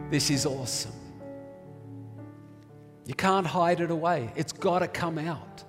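A man's voice: a little high, unhurried, long pauses. A man preaching a sermon, telling a story and building to emphatic declarations. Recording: reverberant hall with faint music.

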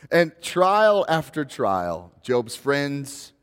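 A man's voice: medium pitch, fairly bright tone, clean tone, big-room sound. A male pastor preaching a sermon in a conversational way, building to rising, emphatic questions.

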